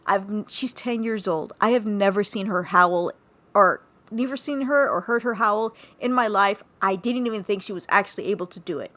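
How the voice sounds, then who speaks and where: A woman's voice: mid-range voice, moderate pace. A young woman hosting a livestream interview, chatting casually and laughing often. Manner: giggly, animated storytelling. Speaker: livestream host.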